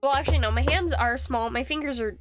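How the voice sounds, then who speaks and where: High-voiced woman rambling while carving. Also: fast talker, music in the background. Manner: rambling, self-deprecating, hesitant with many fillers. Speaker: streamer. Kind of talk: casual live-stream chat while woodcarving.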